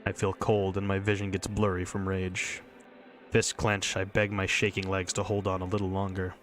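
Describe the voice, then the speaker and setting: A stubborn, furious young girl narrates her racing thoughts, read in a man's low voice. The inner monologue in this visual novel reading is intense and driven. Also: monotone, moderate pace, fairly bright tone, faint music behind.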